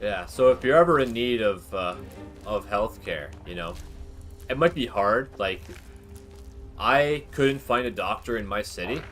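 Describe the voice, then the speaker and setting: A man's voice: on the low side, unhurried, a bit bright, faint music behind. A man chatting casually while he streams a game. He rambles candidly, with lots of fillers and the odd swear word. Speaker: gaming livestreamer.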